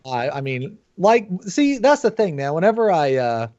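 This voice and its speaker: A man rants bluntly and profanely as a podcast guest, his fairly high voice swinging up as he gets worked up. The sound is dull and lo-fi, recorded dry with no room echo. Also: normal speed. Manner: blunt, profane, animated ranting with laughs. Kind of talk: casual podcast chat.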